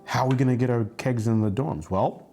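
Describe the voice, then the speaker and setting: A man's voice: mid-range voice, a little fast, creaky. Guy in his 40s telling a wild college story, laughs a lot, does little voices, some music under it. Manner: animated, laughs often, acts out quoted voices. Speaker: storyteller host. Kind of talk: casual storytelling.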